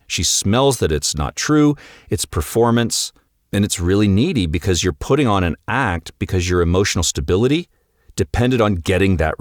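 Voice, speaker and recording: Deep-voiced man coaching on a podcast. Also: no room sound, studio quality. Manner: direct and coaching, often acting out dialogue. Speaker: podcast host and marriage coach. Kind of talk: solo podcast monologue.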